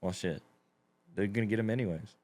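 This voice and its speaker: A man's voice: on the low side, brisk, darkish tone. A man on a podcast, bantering and cracking crude jokes in casual chat. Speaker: podcast guest.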